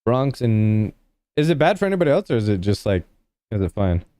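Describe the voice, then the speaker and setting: A man's voice: lowish voice, sing-song, fairly quick, warm tone, no room sound. A young man casually chatting with his livestream viewers, rambling and filling his talk with "like". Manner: rambling, heavy use of "like" fillers; laid-back, talks to chat.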